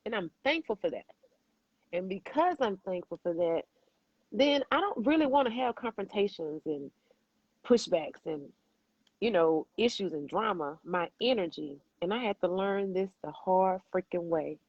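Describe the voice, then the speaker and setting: A woman hosts a podcast in a medium-pitched, animated voice at a normal pace, speaking candidly and emphatically. She swears freely and calls the listener "baby" and "boo." The recording has no echo but sounds muffled.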